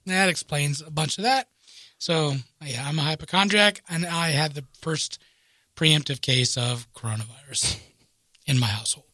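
Middle-aged man, bright and forceful tone, dry close sound, self-mocking storyteller. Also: on the high side, normal speed, no room sound. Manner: animated, self-mocking, voices others in quotes. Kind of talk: casual storytelling.

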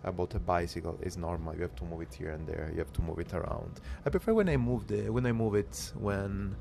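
A man's voice: sits low, fairly quick, creaky, mellow. A man talking casually to his camera while travelling by train and arriving at stations, rambling and talking to himself. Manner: rambling, self-talk. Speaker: cycling vlogger. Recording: noisy train ambience.

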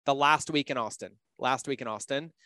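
A man talking casually on a podcast, blunt and animated, swearing freely and acting out his own quotes. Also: moderate pace, clear, resonant tone, no room sound. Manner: acts out his own quotes with big pitch jumps.

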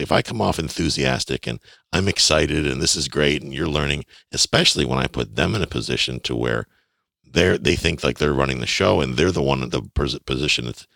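Very deep gravelly man teaching. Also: no room sound, studio quality. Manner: folksy, animated, acts out dialogue. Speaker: real estate investing teacher. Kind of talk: instructional talk.

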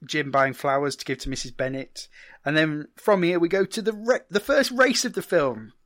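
A man's voice: fairly high pitch, expressive, normal speed, fairly bright tone, no room sound, clean studio sound. A man hosting a podcast, casually recapping a film with frequent laughs. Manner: chatty, laughs often, recaps scenes. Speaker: podcast host.

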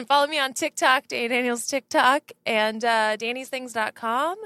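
A woman's voice: sits high, steady tone, moderate pace, pushed and bright, no echo. A woman co-hosting a casual chat, talking loosely and peppering her speech with "like". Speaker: co-host.

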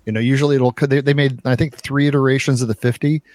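A man's voice: mid-range voice, flat delivery, quick pace, a little mellow. A man co-hosting a podcast in casual chat, talking at length with many repeats and filler words. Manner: repeats words, lots of uh and you know. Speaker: podcast co-host.

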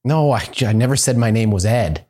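A man reading the lines of an eerily calm male radio caller who answers in a flat, nonchalant way. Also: mid-range voice, brisk, close to an everyday voice.

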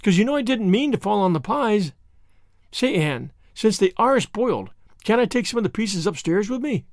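A man's voice: sits high, very animated, moderate pace, dry recording, studio quality, pitched above the performer's own voice. A man voicing a mischievous small boy who whimpers and pleads. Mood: wheedling.

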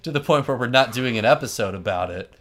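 Wry man recapping with animated storytelling. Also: mid-range voice, fast. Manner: animated, wry, laughs often. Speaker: podcast host. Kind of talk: casual storytelling chat.

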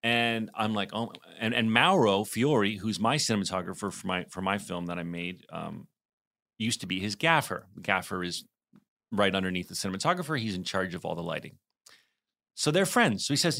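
A man co-hosting a podcast, telling a story in casual chat, animated and swearing freely with lots of fillers. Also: lowish voice, a little fast, gravelly. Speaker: podcast co-host.

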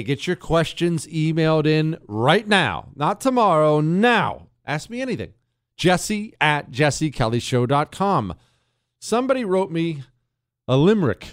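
A man's voice: a little high, sing-song, measured pace, clean tone, no room sound, clean studio sound. A man hosting a radio talk show, brash and sarcastic, reading ads and listener mail and laughing along. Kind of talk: talk radio monologue with ad reads. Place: radio studio. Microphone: studio mic.

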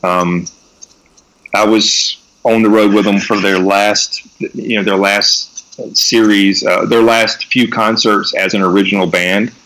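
Low-voiced man telling road stories. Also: a little slow, poor audio. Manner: animated storyteller, swears freely, acts out quotes. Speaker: guest. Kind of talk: casual storytelling interview.

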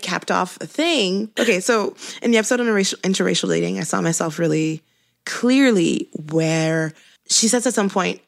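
A woman's voice: lowish voice, gravelly. A woman guest on a podcast, chatting casually and telling a long story with many restarts and stammers. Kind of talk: casual chat.

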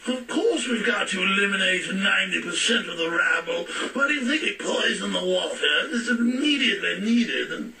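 A man's voice: high voice, animated, normal speed, creaky, few pauses, distant mic, a loud crowd, low-quality recording. A man doing a comedy impression of a bombastic male conspiracy broadcaster putting on a snobbish English guard voice. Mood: ranting. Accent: put-on posh English. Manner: bombastic, shouting rant.

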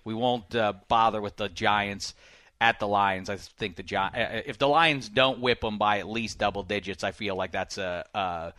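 Man, football show host, bright forceful voice, boisterous, jokey, dry studio sound. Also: lowish voice, normal speed, no echo. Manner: boisterous, jokey, swings loud. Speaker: podcast host. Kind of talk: casual sports talk.

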